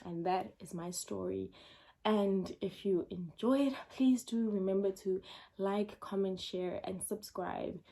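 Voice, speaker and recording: Brief: young adult woman, expressive storyteller speaking to her own camera, even mid-range voice. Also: medium pitch, takes it slowly, creaky. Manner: animated, emphatic, frequent ums and repeated words for effect. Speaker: vlogger. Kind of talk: casual storytime monologue.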